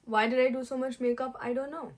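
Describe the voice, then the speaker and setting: A woman's voice: high voice, fairly even intonation, quick pace. A young woman chatting casually on her vlog while doing her makeup, giggly and self-mocking. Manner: chatty, giggly, self-mocking, with playful mock-Italian put-on phrases. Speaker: vlogger.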